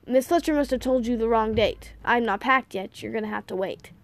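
A woman's voice: a little high, fairly quick, creaky. Woman voicing a tired, sardonic teenage boy. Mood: sullen. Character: grumpy sarcastic thirteen-year-old boy. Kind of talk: audiobook character reading.

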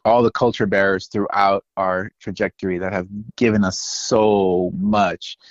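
A man's voice: deep voice, a little slow, no room sound. Man telling band stories over lo-fi line. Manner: animated anecdotes, lots of "like" and "you know". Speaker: musician guest. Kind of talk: casual storytelling interview. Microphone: phone line.

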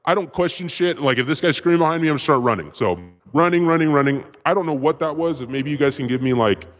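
A man telling a story as a podcast guest, rambling and profane, with excited bursts. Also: fairly high pitch, fast talker. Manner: profane, rambling, with filler words; excited bursts when retelling action. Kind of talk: casual storytelling.

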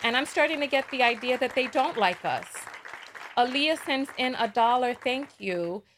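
A woman's voice: sits high, expressive, moderate pace, a bit bright, some chatter behind, slight background noise. A woman with a New York accent hosting a livestream talk show, chatty and sassy, reading out viewer donations and laughing often.

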